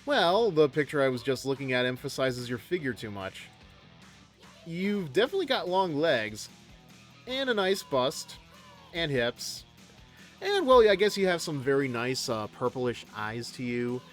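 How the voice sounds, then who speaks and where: A man's voice: medium pitch, sing-song, measured pace, fairly bright tone, faint music behind. Jokey man reading a visual novel. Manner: jokey, rambling asides. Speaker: streamer playing a visual novel. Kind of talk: reading game text aloud and commenting.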